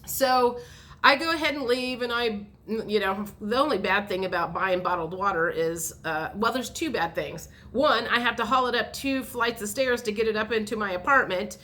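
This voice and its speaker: A woman in a casual vlog, telling a long everyday story in a chatty, rambling way. She speaks at an ordinary middle pitch and trips over her words with fillers and restarts as she goes. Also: normal speed, pushed and bright. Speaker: vlogger.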